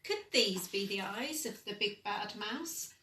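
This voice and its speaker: A woman reading a children's picture book aloud in a gentle, soothing way. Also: mid-range voice, animated, takes it slowly. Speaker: pastoral worker. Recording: echoey room, mic at a distance.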